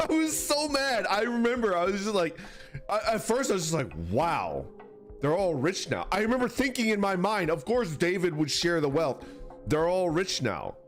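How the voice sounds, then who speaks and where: A man streaming, chatting casually with viewers, rambling and swearing through animated rants. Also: high-pitched, normal speed, soft background music. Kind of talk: casual chat reacting to viewers.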